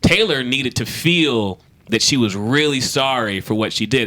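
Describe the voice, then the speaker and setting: Bright-voiced man, animated storyteller. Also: medium pitch, a little slow. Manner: animated storyteller, acts out others' lines. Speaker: real estate agent guest. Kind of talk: casual panel chat.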